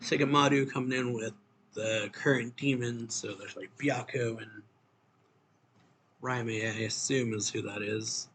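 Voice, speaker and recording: A man's voice: mid-range voice, fairly even intonation, measured pace, a bit bright, a little hiss or hum. A man casually retelling a manga chapter, rambling with many fillers as he goes. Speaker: manga reviewer.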